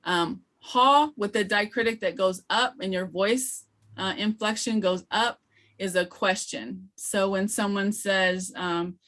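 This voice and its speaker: Woman, language instructor, online training session, patient explaining, slow modelled words, video call mic. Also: mid-range voice, steady tone, a bit bright. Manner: patient explaining, frequent ums, models pronunciations slowly. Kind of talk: online teacher training lesson.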